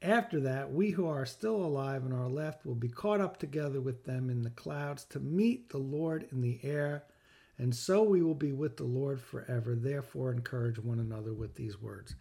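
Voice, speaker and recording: Mellow with a breathy edge and some vocal fry, the mid-range voice moves at a normal speed. It's a middle-aged man hosting a podcast who, having lost a child, gives a sincere scripture teaching and repeats lines for emphasis.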